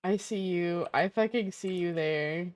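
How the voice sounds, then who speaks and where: Unhurried and a little mellow, a woman's voice sits on the low side in a dry recording. This streamer chats casually and with profanity to her viewers, rambling half to herself while she sets up a roleplay character.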